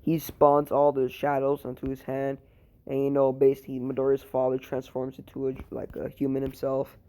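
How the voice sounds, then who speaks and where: A man's voice: mid-range voice, completely flat delivery, moderate pace, dark tone, smooth. A tired young man improvising a fan story, rambling and crude, full of fillers and swearing. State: tired, sleepy.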